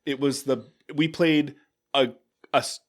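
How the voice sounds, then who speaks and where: A man's voice: medium pitch, unhurried. A middle-aged man in a casual podcast chat, with an everyday mid-range voice. He tells stories eagerly and stumbles and restarts as he goes. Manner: excited storytelling with stumbles. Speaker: podcast co-host.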